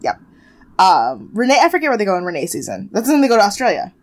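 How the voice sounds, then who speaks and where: Woman co-host, mid-pitch, chatty and sarcastic, swears casually. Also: huge pitch swings, quick pace, poor audio. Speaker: podcast co-host. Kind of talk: casual chat.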